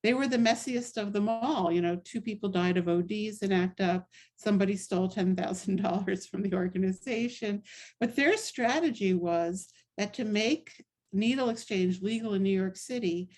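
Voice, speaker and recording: A woman's voice: medium pitch, normal speed, darkish tone. A middle-aged woman author giving a book talk presentation, telling stories in a conversational way with frequent asides.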